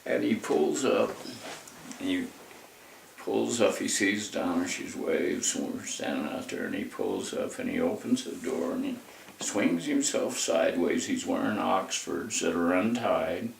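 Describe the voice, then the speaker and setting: An older man with a very deep, gravelly voice rambles through family memories at an unhurried pace. He speaks in a folksy way and drifts into asides. The mic sits well away from him in an echoey room. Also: big pitch swings, distant mic, a little hiss or hum. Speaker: interviewee telling family history. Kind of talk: casual storytelling.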